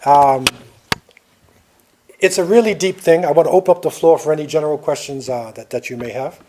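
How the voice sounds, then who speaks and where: An older man lecturing to a class in a loose, storytelling way. His voice sits a little high for a man, and he keeps checking in with his listeners as he talks. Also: a little fast, darkish tone, a little hiss or hum.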